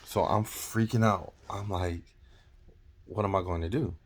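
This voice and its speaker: A man's voice: low voice, steady tone, measured pace. A man, a truck driver, telling a rambling story in a casual vlog and often correcting himself as he goes. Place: in or near his truck.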